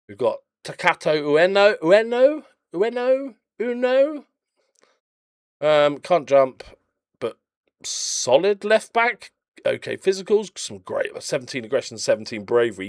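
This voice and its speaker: A man's voice: mid-range voice, no room sound, studio quality. A man casually commentating on his own game footage, chatty and jokey, rambling off into blunt little rants. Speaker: game channel host.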